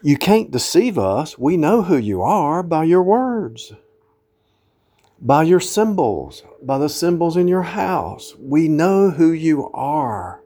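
A preacher with a dark-toned voice on the high side gives an informal sermon. He quotes scripture in old-fashioned wording and scolds his listeners, breaking into emphatic outbursts.

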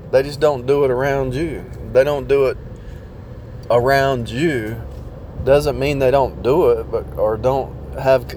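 A man's voice: medium pitch, darkish tone, a little hiss or hum. A man talking in a rambling casual monologue about faith, with many restarts and repeated phrases. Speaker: speaker sharing religious reflections.

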